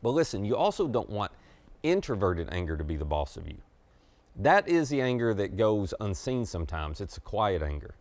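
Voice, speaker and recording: A man's voice: lowish voice, sing-song, normal speed, darkish tone, dry recording. A middle-aged man preaching a conversational sermon to camera as pastor, confiding and emphatic.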